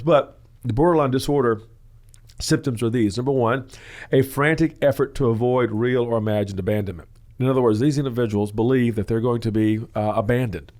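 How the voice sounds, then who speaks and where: This man hosts a church counseling program, teaching at length as he answers questions in a meandering, informal way. His speech is full of "uh" and "you know" pauses, and now and then he plays the people he's talking about. He has a medium male pitch and a fairly dark tone.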